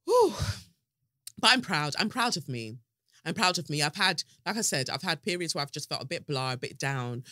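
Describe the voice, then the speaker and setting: A woman hosting a podcast, telling a story in an animated, dramatic way and swearing freely. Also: sits low, a little fast, no echo, clean studio sound. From United Kingdom. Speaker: podcast host. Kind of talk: casual podcast monologue.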